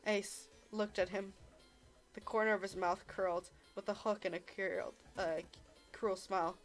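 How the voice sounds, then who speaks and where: A woman's voice: mid-range voice, fairly even intonation, normal speed, faint music behind. A young woman casually reading a visual novel aloud, swearing and joking between lines. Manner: swears, laughs, breaks off to joke. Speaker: streamer narrating a visual novel. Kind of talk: casual read-along narration.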